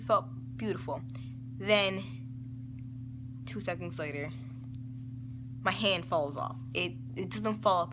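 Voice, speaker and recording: Girl with a sore, hoarse voice. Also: mid-range voice, background noise. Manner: rambling, with excited quoted dialogue. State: sick with a sore, hoarse throat. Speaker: vlogger. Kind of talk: casual storytelling to camera. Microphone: built-in camera mic.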